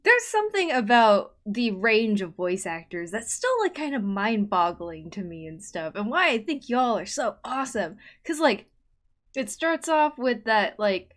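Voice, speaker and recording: Excitable woman chatting while drawing. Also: a little high, measured pace. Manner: excitable, giggly, fangirling. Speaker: artist and video host. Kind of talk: casual chat while drawing.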